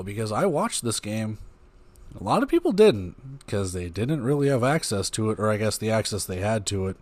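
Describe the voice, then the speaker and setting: A man with a somewhat low voice hosts a laid-back football recap. He reads off stats and plays in a loose, conversational way, often wandering into asides. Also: no room sound. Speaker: podcast host. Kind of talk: casual sports recap.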